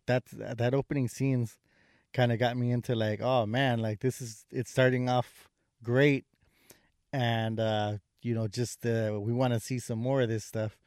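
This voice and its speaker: A man's voice: mid-range voice, warm tone, no echo, clean studio sound. A man co-hosting a casual film review chat, rambling with lots of fillers and restarts. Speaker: podcast co-host reviewing a horror film.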